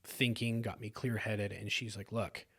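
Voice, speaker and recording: A man from South Sacramento, a podcast guest, telling a personal story earnestly with halting restarts. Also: lowish voice, level tone, creaky, fairly bright tone, slightly rough. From South Sacramento, California.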